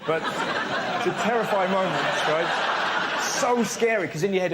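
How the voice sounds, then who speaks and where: A man, fairly high for a man, rattles through a stand-up bit in a studio. He jumps into daft shouted voices for the punchlines. The audio carries a lot of noise and audience laughter. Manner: fast, animated, with loud silly voices for punchlines. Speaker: comedian panelist. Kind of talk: stand-up routine on a TV panel show.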